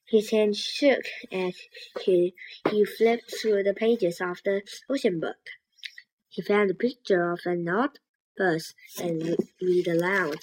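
A woman reading a children's book aloud, halting and restarting on words. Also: on the low side, steady tone, a little mellow, breathy edge, low-quality recording. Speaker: reader.

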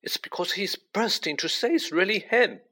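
A man's voice: sits high, lively intonation, moderate pace, sharp tone, voice pushed up, heavily acted. A man reading aloud and voicing a blunt, knowing teenage wizard boy in a storybook.

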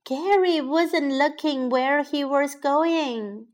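Lady teacher reading a kids story super slow n clear, bouncy voice, bit high. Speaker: children's English story teacher. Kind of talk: bilingual storybook read-aloud for kids.

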